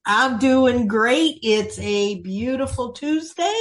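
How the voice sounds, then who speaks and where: A woman hosting a podcast, reading a scripted intro and then chatting with her guest, sometimes dropping to a soft, breathy tone. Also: on the high side, animated, takes it slowly. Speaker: podcast host.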